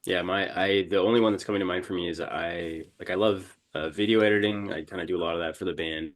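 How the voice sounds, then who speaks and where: A man's voice: low-pitched, fairly even intonation, fast talker. A man, a band musician, answering podcast questions in a laid-back, modest way. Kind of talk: casual interview chat.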